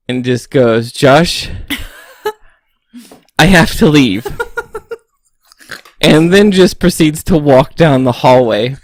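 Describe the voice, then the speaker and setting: Slow-talking man podcast co-host, laughs often, dry close sound. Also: mid-range voice, no echo. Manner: unhurried storyteller, laughs often. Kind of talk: casual chat.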